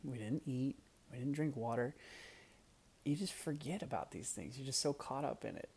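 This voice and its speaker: A young man casually telling a personal story to the camera, animated and laughing, dropping now and then to hushed asides. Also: mid-range voice, moderate pace, gravelly, husky.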